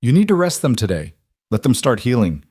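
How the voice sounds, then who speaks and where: A man's voice: medium pitch, huge pitch swings, a little fast, a little mellow, breathy edge, dry recording, studio quality, pitched above the performer's own voice. A man voicing a weary, determined young ranch wife who speaks frankly and practically. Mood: earnest.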